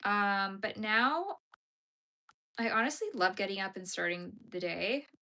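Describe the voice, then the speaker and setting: Bright-voiced woman chatting with viewers. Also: mid-range voice, expressive, unhurried. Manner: chatty, answers viewer comments. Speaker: crochet livestream host. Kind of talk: casual chat with live viewers.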